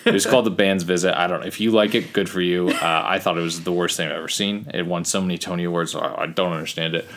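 A man's voice: sits low, fairly even intonation, quick pace, few pauses, a bit bright. A man in his late twenties, a podcast co-host, rambling in casual chat with lots of fillers and frequent laughs.

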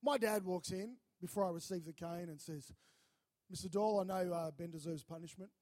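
Man, pastor, sermon storytelling, higher voice, acts out characters. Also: brisk. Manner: animated, acts out voices in his stories.

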